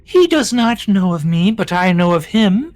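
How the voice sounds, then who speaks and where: A man voicing a huge, scheming female fish-creature queen in a high, coy, sing-song feminine voice. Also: big pitch swings, normal speed, a little mellow. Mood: sly.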